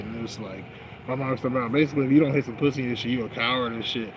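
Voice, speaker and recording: A man's voice: medium pitch, racing. A man in a rambling casual monologue, cursing and using slang as he drifts between thoughts, outdoors on a night smoke break. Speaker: vlogger. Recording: noisy outdoor street with traffic.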